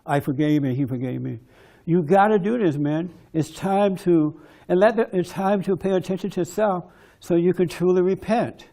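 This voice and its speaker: A man giving a forceful, preachy testimony talk at a men's conference. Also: high voice, normal speed. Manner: preachy, forceful, mimics others in quoted bits.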